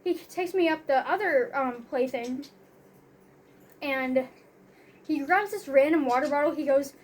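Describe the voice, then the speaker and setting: A woman's voice: sits high, a little slow. A young woman telling a story in a casual, rambling way, filling her talk with "like" and "you know".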